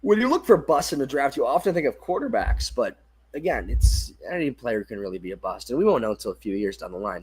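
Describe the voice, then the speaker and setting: With a sing-song, darkish, breathy mid-range voice, a young man calls a football livestream a little fast. He's a tired, yawning fan commentator who keeps correcting himself and apologizing for slips.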